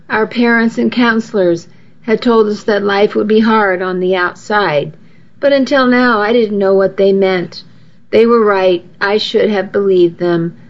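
A woman's voice: medium pitch, a little mellow. A woman narrating a first-person story in an earnest, storytelling way, on a dull lo-fi recording. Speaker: audiobook narrator.

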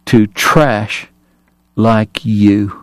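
A man voicing a cold Southern gunman who speaks softly, flatly and slowly with contempt. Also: on the low side, no room sound. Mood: menacing. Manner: soft, flat, slow, contemptuous. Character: cold, menacing Southern gunman, quiet and courteous.

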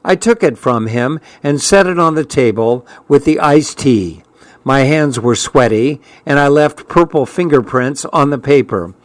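A man narrating an audiobook in a steady, even reading voice at a middle pitch. The recording is dry and close, with no room sound. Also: measured pace, no echo.

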